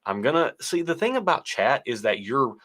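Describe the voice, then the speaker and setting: A man's voice: mid-range voice, very animated, normal speed, a bit bright. A young adult man co-hosting a casual whiskey livestream, reading chat aloud and rambling with easy laughs. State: stuffy nose. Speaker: co-host of a whiskey tasting livestream.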